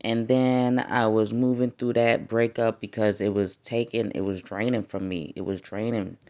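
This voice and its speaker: Animated, cussing woman podcaster. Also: moderate pace. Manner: animated storytelling with profanity and frequent laughs; wide swings in pitch and loudness. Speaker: podcast host. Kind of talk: casual spiritual podcast monologue.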